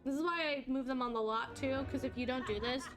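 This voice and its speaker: A woman talks to her chat while she plays, thanking followers and reacting loudly when things go her way. Her voice sits high and bright. Faint game music plays in the background. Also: brisk. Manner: chatty, excitable, talks to chat while playing. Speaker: streamer. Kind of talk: live game stream chat.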